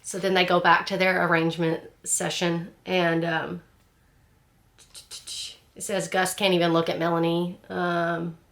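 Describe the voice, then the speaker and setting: A woman with a fairly low voice talks through a book in casual discussion. Her tone has a gravelly, fry-laden edge, and she rambles frankly, full of fillers and restarts. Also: little pitch movement, a little slow, fairly bright tone. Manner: frank and chatty, laughs at the story. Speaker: book club host.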